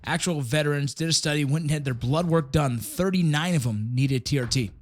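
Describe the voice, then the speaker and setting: A man's voice: fairly high pitch, fairly quick. A middle-aged man hosting a casual podcast in an office, chatting loosely with a friend, swearing and laughing often as he reads sponsors. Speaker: podcast host.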